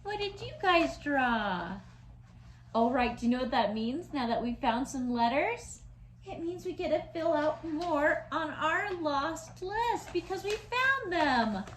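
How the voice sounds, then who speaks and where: Woman, preschool teacher, high and unhurried, exaggerated phonics, slight room echo and faint hiss. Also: big pitch swings, a bit bright. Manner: slow, sing-song, exaggerated letter sounds. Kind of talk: online lesson for young children. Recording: echoey room with faint noise.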